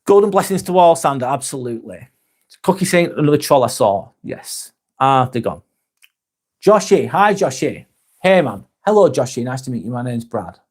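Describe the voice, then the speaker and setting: A man's voice: mid-range voice, sing-song, moderate pace, husky. A man hosting a casual live stream, reading out chat comments in a rambling, sweary, sometimes sarcastic way.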